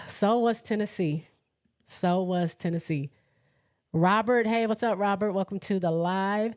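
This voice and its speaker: A woman's voice: mid-range voice, a little slow. A woman hosting a casual live sports chat, reading out viewer comments and laughing often as she talks. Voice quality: laughs often, excitable and chatty. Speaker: host of a live sports show.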